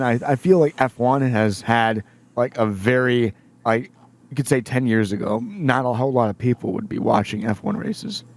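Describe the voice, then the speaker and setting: A man in casual podcast chat, speaking hesitantly with many fillers. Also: mid-range voice.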